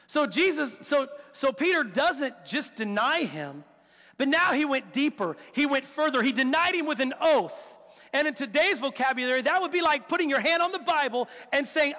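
A male preacher with a very high voice tells the story in a lively, animated way, acting out the quotes and firing off rhetorical questions. His tone is bright and forceful, and a long reverb trails each phrase. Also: a little slow. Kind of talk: sermon.

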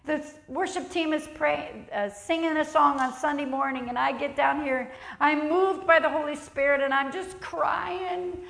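A woman preaching a sermon in a church, emphatic and lively, acting out the voices of the people she quotes. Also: sits high, normal speed, vocal fry, hardly any pauses. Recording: echoey church hall.

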